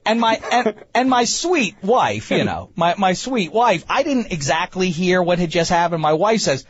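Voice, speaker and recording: A man, host of a talk show, telling a comic story in an animated, self-mocking way with many stammering restarts. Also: sits high, normal speed, slightly rough, dull audio. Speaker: podcast host.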